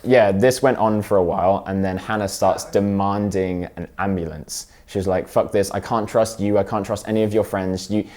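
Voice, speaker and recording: Young male guest, low-pitched, candid and halting, storytelling, acts out quotes. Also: fairly even intonation, darkish tone. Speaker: podcast guest. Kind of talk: casual storytelling.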